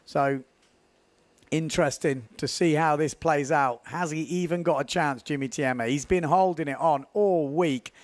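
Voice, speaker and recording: A man giving live, chatty commentary on a windsurf race, building excitement at key moments. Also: fairly high pitch, moderate pace, no echo.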